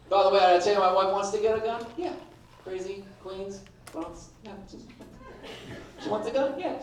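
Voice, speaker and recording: Brash New stand-up comic, echoey. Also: male voice, fairly high pitch, recorded from a distance, slight background noise. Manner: brash, punchy delivery with mimicked voices. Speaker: stand-up comedian. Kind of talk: stand-up comedy set. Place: comedy club stage with an audience. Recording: echoey room, picked up from afar.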